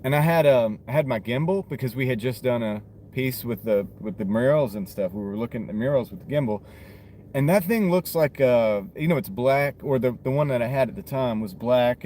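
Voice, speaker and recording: A man's voice: mid-range voice, dark tone. Guy rambling on a live stream from his car while doing deliveries, mid voice, road noise all around. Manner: rambling, chatty, reads out orders and answers chat. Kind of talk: casual live-stream chat while driving. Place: inside a car. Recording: noisy car interior.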